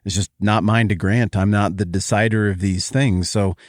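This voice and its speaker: A man hosting a Bible podcast, teaching in a joking, animated way that swings from excited to quiet. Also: lowish voice, moderate pace, no echo, clean studio sound.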